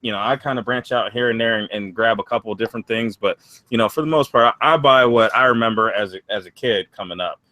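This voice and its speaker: A man's voice: on the low side, pushed and bright, dry recording, rough recording. A man co-hosting a sneaker podcast, talking hesitantly and restarting his phrases. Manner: hesitant, halting. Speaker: podcast co-host. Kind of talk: casual chat.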